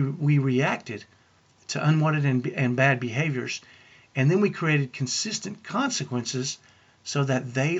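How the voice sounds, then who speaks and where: A man's voice: medium pitch, vocal fry, slightly rough, muffled recording. A man who works as a parenting coach, telling family stories to parents in an earnest way and asking the listener rhetorical questions. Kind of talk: storytelling talk to parents.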